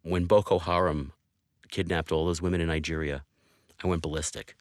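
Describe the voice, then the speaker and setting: A man's voice: low voice, fairly even intonation, moderate pace, dry recording, clean studio sound. A man in his fifties, a TV news producer, telling personal stories earnestly in a podcast interview. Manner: earnest, emphatic storytelling.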